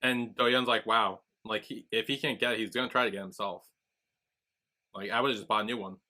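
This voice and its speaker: Bright-voiced man recapping a show. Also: fairly low pitch, brisk. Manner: animated retelling with quoted voices. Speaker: podcast co-host. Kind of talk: casual recap chat.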